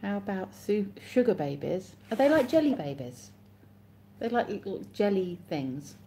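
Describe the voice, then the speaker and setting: A woman's voice: mid-range voice, sing-song, normal speed, dark tone, a little hiss or hum. An English woman hosting a casual live stream, chatting and reading viewer comments aloud with frequent laughs. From England.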